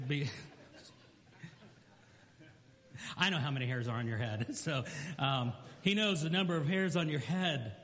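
Male pastor, high pitch, sermon with acted-out quotes, big hall reverb. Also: a bit bright. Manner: storytelling preacher who acts out quotes and asides.

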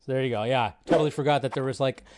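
A man hosting a live stream, reacting to a movie trailer in casual, excitable commentary, swearing freely and chatting in asides. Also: medium pitch, racing. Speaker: host.

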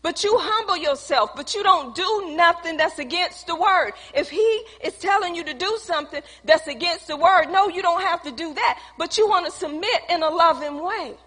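A woman's voice: extremely high pitch, normal speed, hardly any pauses, fairly bright tone, big-room sound. A woman preaching a sermon, telling a personal story and talking to the congregation in a conversational, call-out way.

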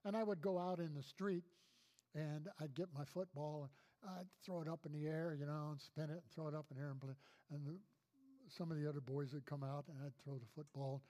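High-voiced man preaching emphatically. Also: fairly even intonation, a little fast, warm tone. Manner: emphatic preaching with repeated phrases and storytelling asides. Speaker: pastor. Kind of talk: sermon.

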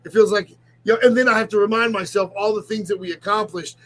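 A middle-aged man talking in an emotional confessional vlog, close to tears, halting and often restarting his sentences. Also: sits high, fairly even intonation, a bit bright, poor audio. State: on the verge of tears. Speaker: ministry leader and vlogger.

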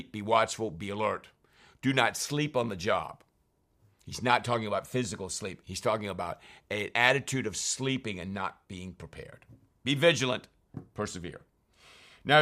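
A man's voice: on the low side, sharp tone. A man teaching from scripture, reading verses aloud and then explaining them in plain, conversational terms. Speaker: preacher.

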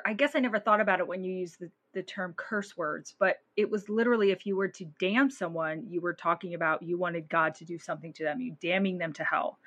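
A woman co-hosting a podcast in casual chat, blunt and animated, laughing often and swearing freely. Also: lowish voice. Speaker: podcast co-host.

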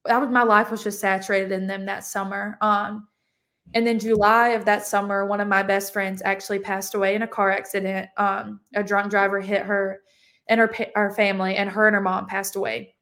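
A woman's voice: medium pitch, level tone, fairly quick, a bit bright. Young woman, podcast guest, casual storytelling, lots of "like". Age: young adult. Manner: chatty, heavy use of "like" fillers. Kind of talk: casual testimony.

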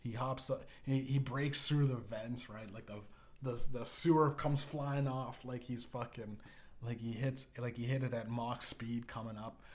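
Man, podcast host, profane, rambling, stammers and restarts, mid-pitch voice. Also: steady tone, measured pace. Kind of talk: rambling casual podcast monologue.

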